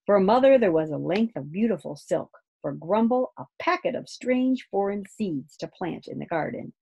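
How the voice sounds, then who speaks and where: A woman reading a children's book aloud in an expressive storytelling voice. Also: fairly low pitch, moderate pace, gravelly, breathy edge.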